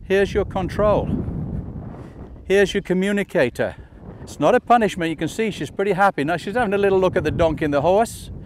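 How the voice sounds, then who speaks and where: A man training a dog outdoors, explaining each step and calling the dog with calm, coaxing commands. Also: sits high, a little fast, background noise. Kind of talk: instructional demonstration. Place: outdoors in a field.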